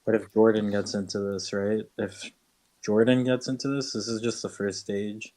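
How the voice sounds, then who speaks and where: A man's voice: on the low side, flat delivery, normal speed, dark tone. A man rambling through his thoughts in a casual live audio chat, leaning on "like" and "right".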